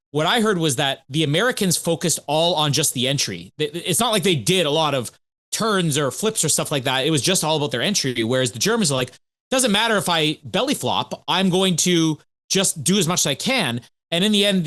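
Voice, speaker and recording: A man co-hosting a podcast, his voice sitting a little high and moving a lot as he tells stories. He talks in an animated, chatty way. The sound is dry and close. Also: no room sound. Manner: animated, chatty storytelling with laughs. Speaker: podcast co-host. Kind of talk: casual podcast chat.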